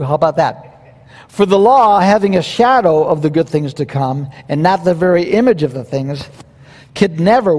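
A pastor preaching a verse-by-verse sermon in a conversational, animated way, with quoted asides. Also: male voice, on the high side, in a large hall.

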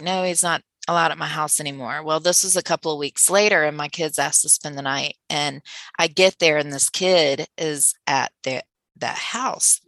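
A middle-aged woman, a guest and author, telling a personal story in a soft, hesitant way. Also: deep voice, dry recording. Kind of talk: storytelling in conversation.

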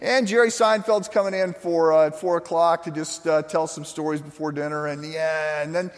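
A man's voice: fairly high pitch, fairly even intonation, normal speed. A man preaching a sermon, telling a story in a loose, conversational way and acting out the people he quotes. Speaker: pastor. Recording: long hall reverb.

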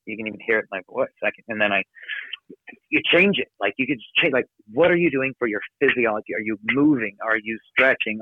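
A man giving an energetic, emphatic motivational talk from his office as a podcast guest. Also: mid-range voice, no room sound. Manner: energetic, emphatic, rapid coaching delivery. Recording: dry, phone-like narrow sound.

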